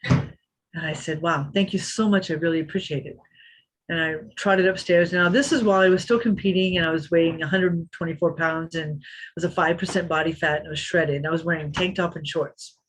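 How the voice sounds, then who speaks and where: A woman's voice: on the low side, brisk, a little hiss or hum. A woman in her fifties, a guest on a podcast, telling an anecdote and acting out what people said. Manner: lively anecdote teller who acts out quotes. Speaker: interview guest. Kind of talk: storytelling in a podcast interview.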